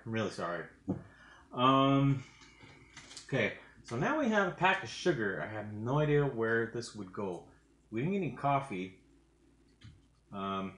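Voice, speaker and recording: Eating while he speaks, a man reviews food in a casual vlog from his home kitchen, meandering and hesitant with lots of fillers. His voice is on the low side and a little bright, and the room gives it a spacious sound.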